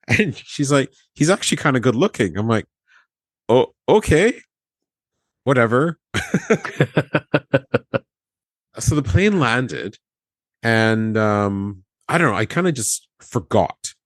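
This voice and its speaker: A man's voice: mid-range voice, a little slow, no room sound. A man, a former flight attendant, casually telling a story on a podcast, acting out the dialogue and laughing often. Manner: animated, acts out quoted dialogue, laughs often.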